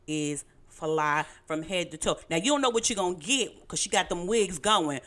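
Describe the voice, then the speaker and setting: A woman's voice: on the low side, lively intonation, normal speed, a bit bright. A middle-aged woman with a Brooklyn accent, co-hosting a casual podcast chat, teasing and laughing often. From Brooklyn, New York. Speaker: podcast co-host.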